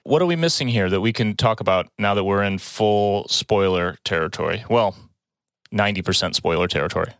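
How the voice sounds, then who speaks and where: A man with a somewhat low voice keeps the conversation moving with friendly questions. The sound is dry and close to the mic. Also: brisk, fairly bright tone, clear, resonant tone, no echo. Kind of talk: casual chat.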